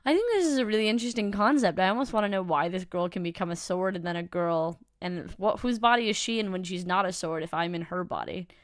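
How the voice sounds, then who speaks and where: A woman's voice: fairly low pitch, fast talker, few pauses, no room sound. Young woman gamer reading a visual novel aloud with wry asides; dry, close sound. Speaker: let's-play host.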